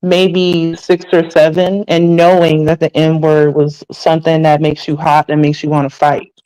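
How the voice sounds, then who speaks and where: A man in casual conversation, calmly and reflectively recalling memories from his childhood. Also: fairly high pitch, measured pace, clear, resonant tone, low-quality recording. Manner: reflective, calm recollection.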